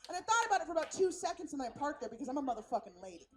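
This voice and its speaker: A woman stand-up comedian from San Francisco works a live stage. She has a high, bright-sitting voice and tells her stories brashly, with plenty of profanity. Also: rapid-fire, crowd noise. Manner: brash, profane, animated storytelling.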